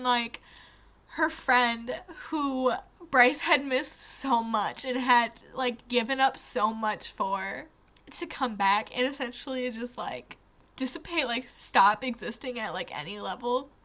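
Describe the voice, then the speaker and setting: Bright-voiced young woman gushing emotionally. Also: fairly high pitch. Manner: gushing, emotional, heavy on filler "like", swears casually. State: tearing up. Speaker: book reviewer. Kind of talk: casual video book review.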